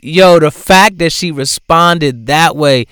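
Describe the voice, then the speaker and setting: A man giving casual commentary in a profane, animated way, swinging between loud outbursts and low asides. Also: slow pace, smooth, no room sound, clean studio sound. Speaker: vlogger.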